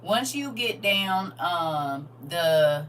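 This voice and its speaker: A woman's voice: lowish voice, lively intonation, very slow, fairly bright tone, far from the mic, slight background noise. An older woman leading a casual livestream Bible lesson, chatting and teasing her viewers as she teaches. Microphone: phone.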